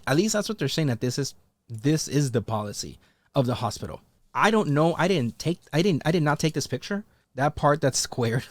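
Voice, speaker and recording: A man hosting a casual commentary vlog, rambling with many fillers and restarts, and talking straight at his followers with a challenging edge. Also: no room sound. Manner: rambling and loose, full of fillers and restarts, pitch rising on emphatic points; talks directly to his followers, challenging them. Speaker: commentary channel host.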